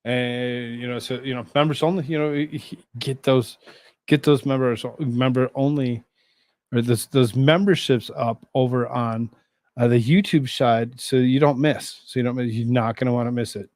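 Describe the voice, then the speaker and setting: A man hosting a live stream, chatting casually with his viewers, rambling and halting, with many fillers and restarts. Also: mid-range voice, steady tone, darkish tone, dry recording. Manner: talks to chat viewers between asides.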